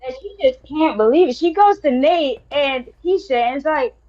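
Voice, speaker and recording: Woman panelist, fairly high voice, dull lo-fi audio, firm opinions. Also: animated, a little mellow. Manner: firm, opinionated, rushes ahead with repeats. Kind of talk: casual show recap chat.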